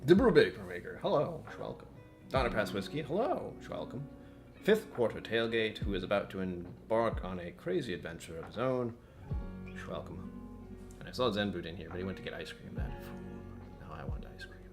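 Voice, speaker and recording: A man's voice: on the low side, animated, brisk. A man hosting a casual livestream, chatting with viewers and muttering to himself while he fixes his settings. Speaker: livestream host. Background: faint background music.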